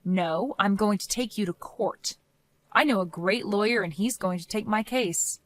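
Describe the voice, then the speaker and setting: A young woman speaks in a cold, firm, measured voice, bright and clear in tone. Her voice sits close and dry on the mic, with no room around it. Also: mid-range voice, no echo. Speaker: narrator and main character. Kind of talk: scripted story voice acting.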